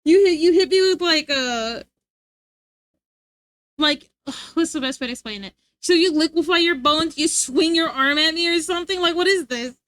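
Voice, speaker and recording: A woman's voice: sits high, moderate pace, sharp tone, dry recording. A woman streamer chatting casually and playfully with her live chat, laughing often.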